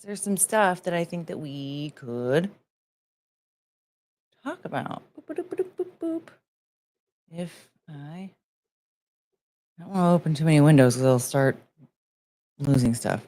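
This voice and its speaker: A woman's voice: low-pitched, takes it slowly, long pauses, warm tone. A woman hosting her own livestream, chatting casually and greeting viewers by name with sing-song asides. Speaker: livestream host.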